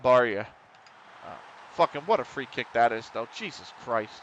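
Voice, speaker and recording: A man's voice: medium pitch, expressive, a little fast, fairly bright tone, lo-fi sound, slight background noise. An almost middle-aged American man streaming a football management game, chatting casually with viewers and swearing often. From United States. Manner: swears often, frustrated at the match, reads chat. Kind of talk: casual gaming stream chat.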